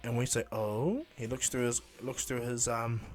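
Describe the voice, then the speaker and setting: A male storyteller rambling through an improvised fan retelling, pausing on fillers and restarting. His voice sits at a middling pitch, with faint music under it. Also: completely flat delivery.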